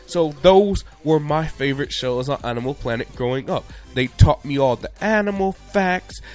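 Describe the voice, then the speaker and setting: A man's voice: a little high, lively intonation, moderate pace, a little mellow, faint music behind. A young man narrating a casual video commentary in a playful, conversational way with jokey asides.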